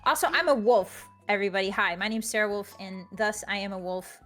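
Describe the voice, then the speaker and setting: Playful woman author guest, jokey and animated, faint music under the voice. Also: mid-range voice. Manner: goofy, joking, quick with bits. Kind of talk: casual livestream interview.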